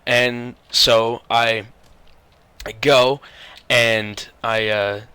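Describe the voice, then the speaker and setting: Young male storyteller, bright tone, loose profane rambling with restarts. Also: medium pitch, flat delivery, very slow, clear, resonant tone, no room sound. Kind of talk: casual storytelling.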